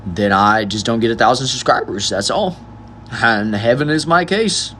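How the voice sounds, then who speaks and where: A man's voice: medium pitch, moderate pace, fairly bright tone, slight background noise. A young man hosting a casual livestream, reading chat messages aloud and answering them in an easygoing way.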